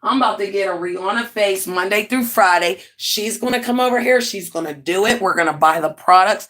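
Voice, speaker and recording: A woman in her forties hosting a casual livestream from home, chatty and animated, often laughing and talking straight to her viewers. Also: mid-range voice, fairly quick. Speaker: livestream host.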